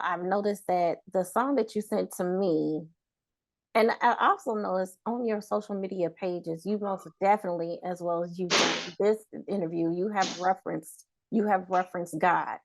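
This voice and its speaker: A woman's voice: on the low side, normal speed. A woman hosting a talk show interview, conversational and affirming toward her guest. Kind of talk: casual interview.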